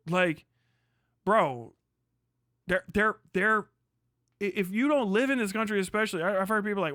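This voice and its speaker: A man's voice: high-pitched, a bit bright, dry recording, studio quality. A young man from Kentucky, ranting crudely and mockingly on a livestream, often breaking into laughter. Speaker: streamer. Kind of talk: profane political rant on a livestream.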